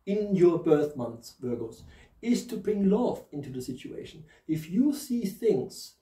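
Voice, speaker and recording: Laughing at his own jokes, a German-accented man hosts a chatty tarot reading, a slight lisp from his new dentures showing through. His high-pitched, warm voice swings widely in pitch and never hurries. The rough recording is reverberant and captured from a distance.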